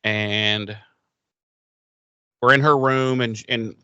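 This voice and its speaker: A man co-hosting a podcast in casual chat, retelling a TV episode with animated acted-out lines. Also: mid-range voice, drawn-out words, clean tone, dry recording, lo-fi sound. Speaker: podcast co-host.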